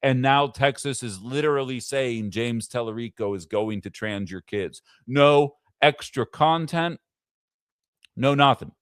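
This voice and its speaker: A man hosts a live political commentary stream and argues with conviction, piling up pointed rhetorical questions. His voice is smooth and crisp. The sound is dry and close to the mic, with little room around it. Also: mid-range voice, unhurried, no echo. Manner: impassioned, fires off rhetorical questions. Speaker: host of a political commentary show.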